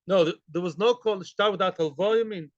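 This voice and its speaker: Guy teaching talmud, high-ish voice, dry dull lo-fi sound, acts out the quotes. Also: a little fast, no echo. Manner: animated, acts out quoted voices, mixes Hebrew and Aramaic terms; asks students questions. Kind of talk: daily Talmud class. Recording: dull, lo-fi recording.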